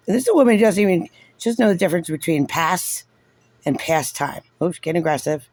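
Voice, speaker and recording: A man's voice: high voice, expressive, fast, darkish tone, dry recording. A man giving casual, sarcastic and frustrated reaction commentary on a recorded meeting, saying "like" constantly. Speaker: parent reviewing a recorded meeting.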